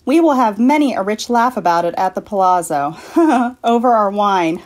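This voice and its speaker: A woman's voice: on the high side, lively intonation, unhurried, a little mellow, voice pushed up. A woman voicing a panicked nobleman who laughs in strained bursts and pleads. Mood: nervous laughing.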